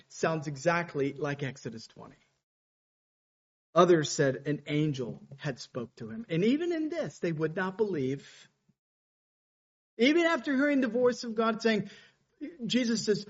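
High-pitched male preacher, lo-fi. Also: expressive, measured pace. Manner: preaching with rising intensity on scripture quotes. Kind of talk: sermon.

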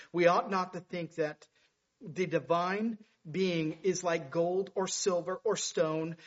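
A man's voice: fairly high pitch, highs cut off. A male pastor preaching a sermon, rising to urgent, emphatic passages. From United States.

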